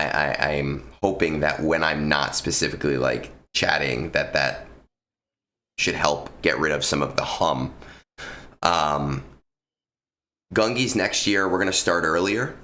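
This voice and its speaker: A man with an extremely deep voice chats casually on a live stream, close to the microphone. His tone is bright and forceful despite the low pitch. He rambles, swears freely and restarts sentences often, with a lingering cough. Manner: rambling and profane, with many restarts and ums. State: lingering cough after illness.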